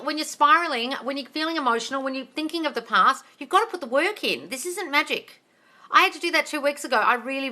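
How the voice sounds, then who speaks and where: With a high, pushed, bright voice, a woman coaches viewers on a live stream. She reads their comments aloud and answers bluntly, swearing casually and calling them darling.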